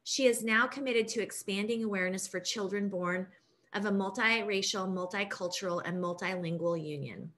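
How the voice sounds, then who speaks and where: A woman host introduces each author at a group reading. Her voice is bright and forward, and she reads the introductions at an even, middle pitch. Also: normal speed. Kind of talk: event hosting, reading introductions.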